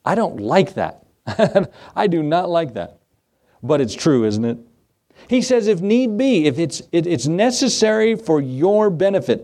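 A man preaching a sermon to a congregation, lively and joking, with animated emphasis on key words. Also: fairly high pitch. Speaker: pastor.

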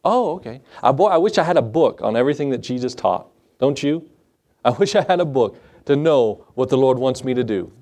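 A man preaching a sermon in a conversational way, asking his listeners questions and acting out Bible scenes in quick voices. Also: medium pitch, expressive, a little mellow. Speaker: pastor.

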